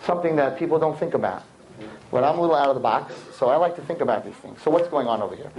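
A man teaching a religious lesson to a class, telling stories with lively acted-out voices and sudden pitch jumps. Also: very fast, slight background noise, rough recording. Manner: lively storytelling, jumps high in pitch, acts out characters. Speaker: rabbi teacher. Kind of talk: animated classroom lecture.

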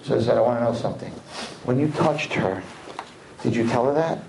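A man, a rabbi telling a story to a live audience in an animated sermon, acting out the people in it. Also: a little fast, gravelly, roomy sound, noisy background. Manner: animated storyteller acting out quotes, swinging loud and high. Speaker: rabbi giving a talk to young people.

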